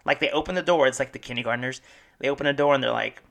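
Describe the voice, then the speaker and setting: A man's voice: medium pitch, rapid-fire, creaky, a bit bright. A man in his thirties co-hosting a casual chat show, telling jokey stories and acting out what people said. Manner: joking storyteller, acts out quotes. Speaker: podcast co-host.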